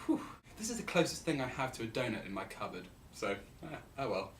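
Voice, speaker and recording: A man's voice: medium pitch, very animated, fairly quick, a little hiss or hum. A young man casually explaining a philosophy idea on his vlog, playful and rambling, repeating words for effect.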